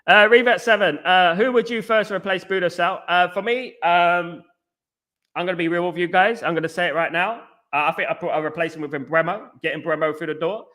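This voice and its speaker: A man's voice: high-pitched, fairly quick, pushed and bright. A man hosting a football fan live stream, answering chat and ranting with strong opinions, often repeating himself. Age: adult. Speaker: football fan channel host.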